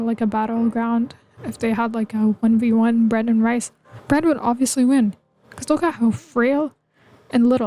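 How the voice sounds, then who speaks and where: A woman's voice: a little high, warm tone. A woman rambling playfully in casual chat while narrating a building game, full of "like" and "you know". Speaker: video game builder vlogger. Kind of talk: casual chat over gameplay. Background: faint background music.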